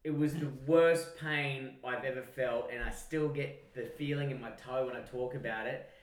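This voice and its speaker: An Australian man and podcast co-host telling an animated, sweary story in casual chat. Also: mid-range voice, moderate pace, recorded from a distance. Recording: roomy sound, mic set back.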